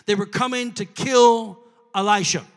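A man's voice: extremely high pitch, fairly even intonation, unhurried, clear, resonant tone. A man preaching a sermon in a church, building to fervent call-and-response with the congregation. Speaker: pastor. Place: church sanctuary. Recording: long hall reverb.

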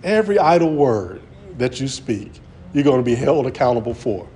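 A man's voice: mid-range voice, sing-song, moderate pace, dark tone, a little hiss or hum. A man preaching an earnest sermon, often restarting his words as he presses his points. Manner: earnest, repetitive, stammering restarts.

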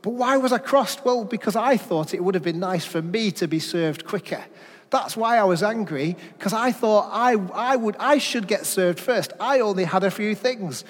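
A middle-aged man preaching a sermon, asking rhetorical questions, telling personal stories, and dropping to a hush at key points. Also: high voice, moderate pace. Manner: rhetorical questions, personal anecdotes, dramatic drops in volume. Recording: long reverb of a hall.

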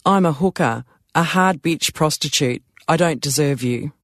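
A man's voice: a little high, normal speed, fairly bright tone, dry recording, studio quality. Man voicing a tearful drunk woman. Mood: drunk, raw. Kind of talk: audiobook character voice.

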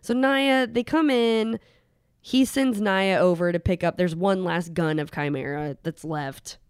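A woman's voice: lowish voice, unhurried, smooth, no echo, clean studio sound. A woman, host of a podcast, chatting casually as she recaps a movie plot and laughs along with her guest. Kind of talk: casual chat.

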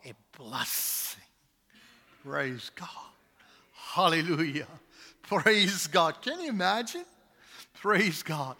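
A man preaching a sermon, swinging between loud shouted climaxes and hushed whispers, often repeating "praise God" and asking the crowd questions. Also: high-pitched, very animated, slow pace. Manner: peppers speech with "praise God" and call-and-response questions. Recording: long hall reverb.

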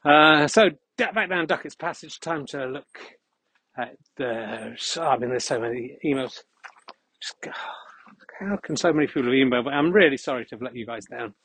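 A man hosting a podcast, rambling through a deadpan comic monologue outdoors while walking. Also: mid-range voice, moderate pace, breathy edge, no echo, low-quality recording. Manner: deadpan, absurd asides. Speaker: podcast host. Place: outdoors on a dog walk.

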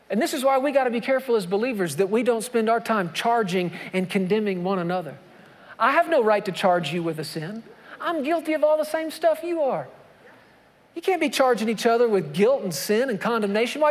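A man preaching a sermon as a pastor, animated, swinging from quiet to shouted emphasis with long drawn-out phrases. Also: extremely high pitch. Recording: long reverb of a large hall.

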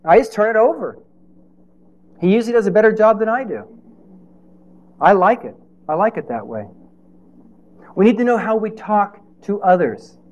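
A man's voice: high voice, very animated, moderate pace, pauses often, lo-fi sound. A man preaching a sermon in a conversational way, with rhetorical questions and playful asides.

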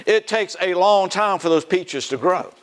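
A man's voice: high voice, measured pace. A man from South Carolina with a Southern American accent, preaching a sermon and asking the audience questions as he goes. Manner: animated, asks the audience questions, acts out quoted voices. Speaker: pastor.

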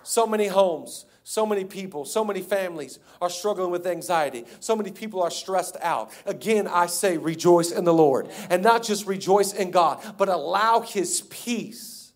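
A man preaching a sermon as pastor, moving from loud, drawn-out declarations to quiet, hushed passages. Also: sits high, expressive. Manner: acts out quoted people in a raised voice.

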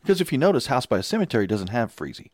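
A man, a filmmaker, chatting casually on a podcast and telling lively anecdotes. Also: medium pitch, rapid-fire, no room sound, clean studio sound. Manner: enthusiastic storyteller, impersonates people in quotes.

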